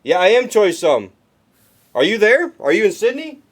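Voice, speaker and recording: High-pitched and sing-song at a moderate pace, this card break host chats loosely with his livestream viewers, wandering off topic and frequently starting his sentences over.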